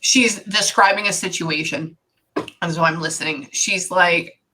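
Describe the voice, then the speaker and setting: A woman's voice: on the low side, a little slow, bright, forceful tone. A woman working as a psychic medium, giving a casual spirit reading and rambling with lots of "like". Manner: rambling, heavy use of "like".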